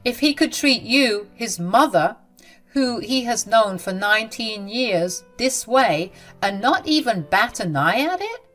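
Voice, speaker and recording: A woman's voice: a little high, a bit bright. A woman voicing a protective young bride who speaks emphatically and with outrage.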